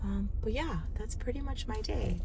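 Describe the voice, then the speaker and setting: A chatty woman vlogger talks in an easy, rambling way, full of "um" and "like," from behind the wheel. She records on her phone in a moving car. Road noise hums clearly beneath her voice. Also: medium pitch, normal speed. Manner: chatty, rambling, lots of fillers. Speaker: lifestyle vlogger. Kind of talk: casual vlog storytelling. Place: inside a car while driving.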